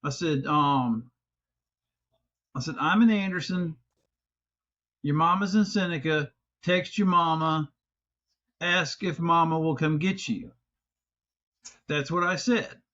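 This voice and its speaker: A man hosting a podcast, telling a story in casual, profane chat with loud exasperated outbursts. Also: a little high, slow pace, pauses often. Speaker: podcast host. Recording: slightly dull lo-fi sound.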